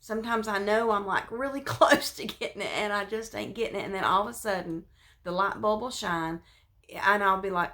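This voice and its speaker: A woman giving an informal devotional talk, speaking conversationally with many fillers and restarts, and dropping to a soft, hushed voice when she voices prayers. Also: mid-range voice, moderate pace.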